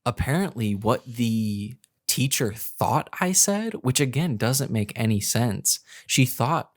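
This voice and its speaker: A man's voice: medium pitch, big pitch swings, slow pace, dry recording, studio quality. A young man on a podcast, telling a story from his childhood in a loose, rambling way with lots of fillers and restarts. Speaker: podcast co-host. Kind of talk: casual storytelling.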